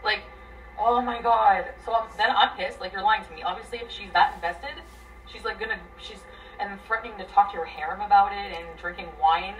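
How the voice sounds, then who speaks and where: A woman venting a tangled relationship story, profane and rambling, her voice swinging between loud bursts and near mutters. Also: medium pitch, fairly quick, recorded from a distance, muffled recording, faint music behind. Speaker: guest telling her story. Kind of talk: emotional venting.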